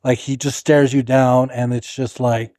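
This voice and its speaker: A man from a band tells a story in a halting, rambling way, full of stops and restarts. His pitch is ordinary, and the recording is close and dry. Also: flat delivery, darkish tone, no echo. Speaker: band member. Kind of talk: casual chat.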